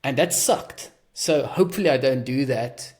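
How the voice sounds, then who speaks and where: Speaking at normal speed in a mid-range, slightly dark voice, this podcast host has a South African accent. His casual chat wanders, full of self-mockery and false starts.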